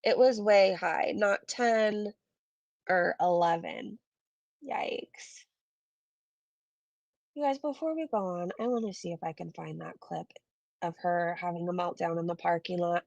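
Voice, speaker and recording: A woman streamer talks in a loose, chatty way, reading out viewer comments and tossing in blunt asides. Her voice has a gravelly fry at mid pitch, and the sound is dry and close. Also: measured pace, pauses often, a little mellow, no room sound. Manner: chatty, reads viewer comments aloud, frequent swearing and laughs. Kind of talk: casual live-stream commentary.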